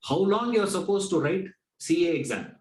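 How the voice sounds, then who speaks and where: A man's voice: high voice, big pitch swings, brisk, a little mellow, reverberant, low-quality recording. A man teaching a spiritual class, talking in a conversational way, asking rhetorical questions and acting out little dialogues. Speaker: Vedanta teacher. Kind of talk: spiritual discourse lecture.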